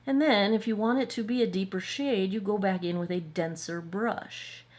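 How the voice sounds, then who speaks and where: A woman's voice: medium pitch, normal speed, darkish tone. A woman hosting a makeup tutorial, talking casually through each step and checking in with viewers. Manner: chatty, explains and checks in with viewers.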